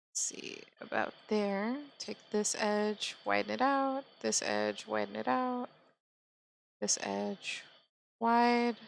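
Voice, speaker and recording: A woman with a slightly high voice and a gravelly edge, talking slowly through a screen-recorded tutorial. She gives calm step-by-step instructions and thinks aloud as she works. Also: no room sound, poor audio. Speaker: 3D modeling tutor.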